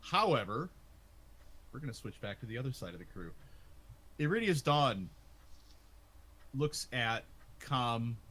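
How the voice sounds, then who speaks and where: A man's voice: medium pitch, sing-song, measured pace, pauses often, fairly bright tone. A man narrating as game master, hesitant, with many ums and uhs.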